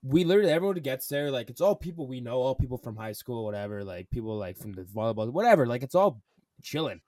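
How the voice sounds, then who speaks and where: A man's voice: mid-range voice, big pitch swings, fast, dark tone, no room sound. A man in his twenties rambling through a party story on a casual podcast, slangy and full of filler words.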